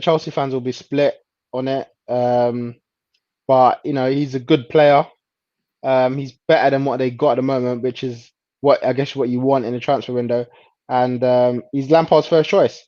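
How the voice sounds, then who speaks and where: Laid-back man, dark muffled voice. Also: mid-range voice, steady tone, normal speed, dry recording. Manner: laid-back, hesitant, laughs often. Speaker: co-host. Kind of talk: casual football chat.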